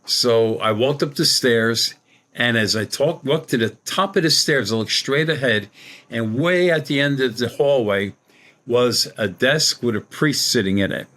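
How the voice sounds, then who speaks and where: A middle-aged man, a psychic medium appearing as a podcast guest, tells a personal story in a colloquial, rambling way and acts out the dialogue he quotes. His mid-range voice is unhurried and fairly bright.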